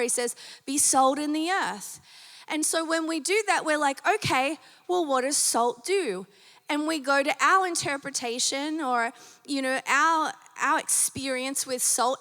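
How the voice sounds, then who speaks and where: This woman pastor preaches in a large hall, her church auditorium, keeping it conversational with lots of fillers and questions for the congregation. Her high-pitched voice comes across pushed, bright, and a little strained.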